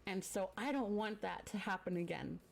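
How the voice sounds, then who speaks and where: A woman streamer hosting a livestream, talking in a halting, soft-spoken, casual way and apologizing often. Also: medium pitch, gravelly. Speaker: streamer host. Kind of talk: emotional casual talk on a livestream.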